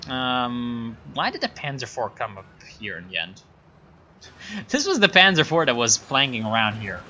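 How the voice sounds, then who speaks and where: A man's voice: medium pitch, big pitch swings, a little slow, sharp tone, a little hiss or hum. A man casting a strategy game replay in a sarcastic, rambling way, full of fillers and asides. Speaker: game caster. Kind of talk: casual game commentary.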